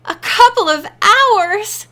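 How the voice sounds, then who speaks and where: A woman's voice: extremely high pitch, expressive, slow pace, bright, forceful tone, voice pushed up, full character voice. A woman doing a wailing distraught young model.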